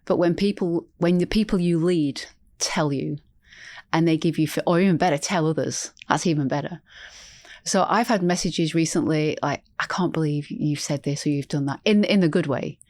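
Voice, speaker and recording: A woman's voice: deep voice, moderate pace, darkish tone, no room sound. A middle-aged woman and healthcare executive, talking earnestly as a podcast guest, often restarting her sentences. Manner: earnest and heartfelt, frequent restarts. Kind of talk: conversational podcast interview.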